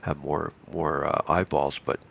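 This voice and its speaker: A man, hoarse and raspy from a cold, co-hosting a live futures trading stream in a chatty, rambling way with many restarts. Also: extremely low pitch, flat delivery, unhurried, a bit bright. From Canada. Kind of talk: casual live market commentary.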